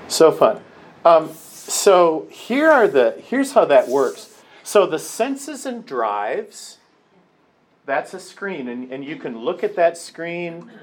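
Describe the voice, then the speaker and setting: A man leading a prayer workshop with a group, talking conversationally, with restarts and slow emphasis. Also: fairly high pitch, sing-song. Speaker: workshop leader. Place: meeting room with a group.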